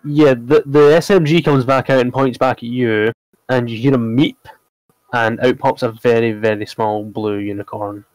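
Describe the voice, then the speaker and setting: A man runs a tabletop game as game master, narrating in a relaxed, descriptive way. His voice sits in a middle register. The recording is dry and close. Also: medium pitch, moderate pace, no room sound, poor audio.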